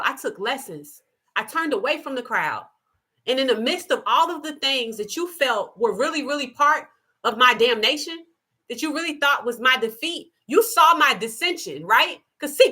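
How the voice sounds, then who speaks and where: A woman hosting a spiritual live stream, speaking in an impassioned monologue with emphatic, repetitive, preacher-like phrasing and gentle asides. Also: high-pitched. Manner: shifts into soft, gentle asides to her child.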